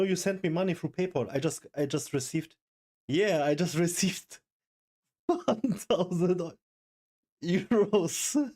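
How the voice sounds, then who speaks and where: Young male streamer, fairly high voice, stunned and gushing, casual slang. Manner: excited, stunned, swearing, calls everyone bro. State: overwhelmed, shaking. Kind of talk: live stream reaction chat.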